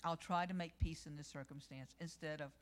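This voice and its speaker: A woman's voice: sits low, fairly even intonation, a little fast. A middle-aged woman preaching a sermon, telling personal stories and reading scripture with rising emphasis.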